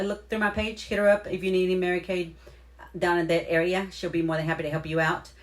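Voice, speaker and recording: Low-voiced woman hosting a chatty livestream. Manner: effusive, rambling, repeats her thanks; heartfelt, near tears at moments. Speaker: livestream host. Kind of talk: casual live-stream shout-outs to viewers.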